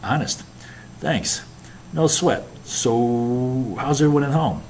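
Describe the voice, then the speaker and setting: A man's voice: medium pitch, lively intonation, slow pace, a little mellow, a little hiss or hum, voice pushed up. A man reading a bitter, scheming young naval officer who snaps orders and puts on forced friendliness. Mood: falsely friendly.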